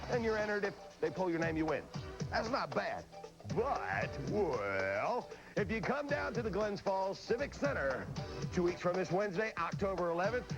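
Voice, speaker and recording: A man hosting a wrestling TV show, pitching a live event in an upbeat, salesy way. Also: vocal fry, muffled recording. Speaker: TV show host. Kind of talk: energetic event promotion.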